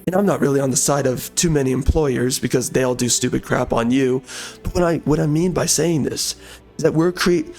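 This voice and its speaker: Hoarse, ranting gaming commentator man. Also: fairly high pitch, a little mellow. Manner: ranting, blunt, peppered with mild minced swears. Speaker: gameplay commentator. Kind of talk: casual gameplay commentary.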